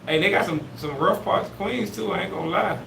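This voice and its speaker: A man with a New York accent chatting loosely on a podcast, slangy and quick to laugh. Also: sits high, gravelly, sharp tone. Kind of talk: casual chat. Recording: echoey room, distant mic, faint noise.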